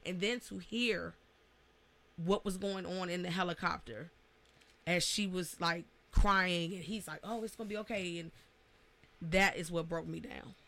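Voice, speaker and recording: A woman with a bright, forceful voice speaks in a heartfelt, reflective way during a podcast conversation. She sounds like a parent thinking out loud. Her delivery stays conversational. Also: on the low side, fairly even intonation, measured pace, gravelly, pauses often. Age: adult parent. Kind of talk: casual podcast chat.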